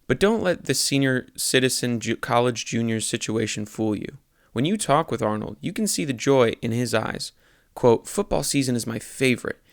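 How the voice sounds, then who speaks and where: A young man reading his own satirical newspaper articles aloud in a deadpan voice, stopping to correct his slips and swearing at them. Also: mid-range voice, moderate pace, dry recording, clean studio sound. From Texas. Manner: self-correcting reader who swears at his own mistakes.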